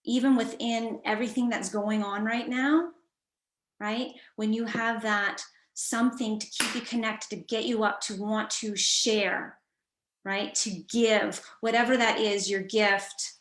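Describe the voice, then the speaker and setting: A woman's voice: a little high, fairly even intonation, measured pace, fairly bright tone, echoey room. A woman coach telling a personal story in a conversational, reflective way, with frequent fillers and restarts. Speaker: guest coach.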